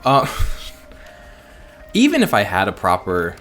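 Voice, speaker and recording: A man's voice: low voice, huge pitch swings, slow pace, a bit bright. American guy rambling and joking over game footage, voice all over the place, faint game music under it. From United States. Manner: rambling, joking asides and self-mocking chatter. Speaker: let's play host. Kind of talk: casual gameplay commentary.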